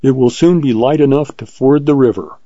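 A man's voice: mid-range voice, fairly quick, dark tone, no room sound, muffled recording, close to an everyday voice. A man as an earnest frontier ranger. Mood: tender.

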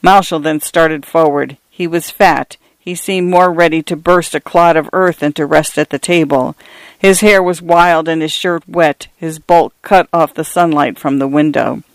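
A woman hosts a radio story program, reading literary fiction aloud in a measured, even way. Her voice is smooth and resonant, and the close studio mic leaves it completely dry. Every word comes through clean and unhurried. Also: deep voice, dry recording. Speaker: radio story reader and host. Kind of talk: reading short stories aloud.

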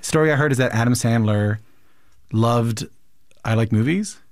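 A man's voice: mid-range voice, normal speed, darkish tone, no echo, clean studio sound. A man hosting an interview, reflecting aloud and often restarting his sentences. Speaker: interviewer, host. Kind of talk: conversational interview.

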